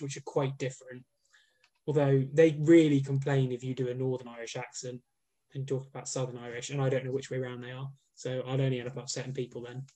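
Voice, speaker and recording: A man's voice: medium pitch, dark tone. A man co-hosting a podcast in casual chat, joking and swearing casually. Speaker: podcast co-host.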